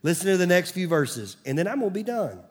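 A man's voice: high voice, sing-song, fast talker. A man, preaching a sermon as pastor in a conversational way, sometimes dropping to a near-whisper. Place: church stage.

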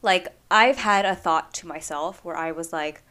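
A woman's voice: on the low side, lively intonation, normal speed, hardly any pauses, a bit bright. Earnest woman sharing candid reflections. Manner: candid and earnest, speaking thoughtfully with rhetorical questions. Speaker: vlogger. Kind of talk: personal reflective monologue.

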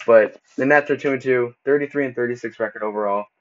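A man hosting a casual solo podcast, talking loosely and stumbling over words as he goes, with relaxed slang. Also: medium pitch, fairly quick. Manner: casual, stumbles and restarts often; laid-back slang like bro and dude. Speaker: podcast host. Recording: dull lo-fi recording.

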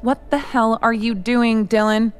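A woman doing a shrill, bossy young woman. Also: fairly even intonation, a little slow, smooth, soft background music, close to an everyday voice. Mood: angry. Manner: shrieking, scornful.

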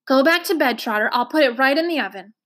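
A blunt, tough young girl from a storybook , read aloud by a woman, high-pitched and raised. She snaps out short, bossy orders. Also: expressive, quick pace. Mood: impatient. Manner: sharp, bossy.

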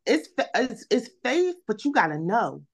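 A woman guest on a podcast, telling her story in casual chat with animated energy, repeating words and saying "y'all". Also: fairly high pitch, normal speed, slightly rough.

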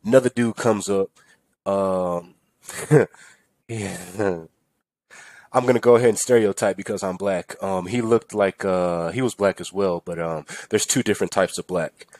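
Male podcast host, low-pitched, dry close mic, profane venting storyteller. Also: steady tone, a little slow, darkish tone, no echo. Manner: profane, rambling, venting with mock-quoted rants. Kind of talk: casual storytelling monologue.

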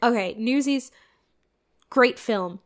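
A young woman co-hosting a casual chat, animated and swearing as she picks apart a movie. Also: a little high, takes it slowly. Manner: animated, swearing, mimics characters in silly voices. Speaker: podcast co-host.

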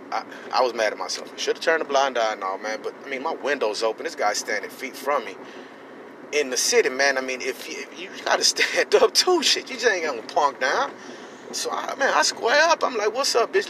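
A man's voice: mid-range voice, background noise. A man, telling a story on his podcast in a rambling, heated way with street slang. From Houston, Texas. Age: 30s. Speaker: podcast host. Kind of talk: casual storytelling monologue.

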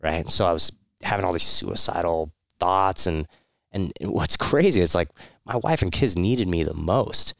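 A veteran opens up in an interview, his voice low and gravelly. He speaks with candor and rambles through restarts and fillers, with short laughs. The sound is close and dry. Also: unhurried, fairly bright tone, no room sound. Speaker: military veteran guest. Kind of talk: candid personal storytelling.

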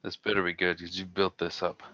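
A man's voice: sits low, monotone, a little fast, bright, forceful tone, no echo, dull audio. A man co-hosting a casual podcast over a video call, laid-back and teasing. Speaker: podcast co-host. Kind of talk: casual chat. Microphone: home mic on a video call.

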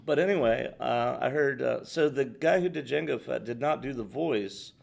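A man's voice: mid-range voice, normal speed, creaky, darkish tone. A middle-aged American man co-hosting a podcast, talking casually with lots of fillers and tangents. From United States. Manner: rambling, tangent-prone, filler-heavy. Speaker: podcast co-host. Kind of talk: casual chat.

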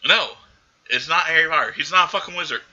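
A man's voice: fairly high pitch, fast, bright, forceful tone, muffled recording. A man co-hosting a casual podcast, animatedly retelling a film's scenes and acting out its characters' lines. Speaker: podcast co-host. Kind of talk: casual movie recap chat.

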